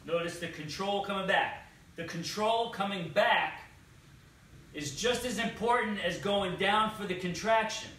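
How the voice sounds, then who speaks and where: A man, a fitness coach, demonstrating exercises and cueing each move with slow, deliberate instructions. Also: high-pitched, pushed and bright, a little hiss or hum. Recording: echoey room, distant mic.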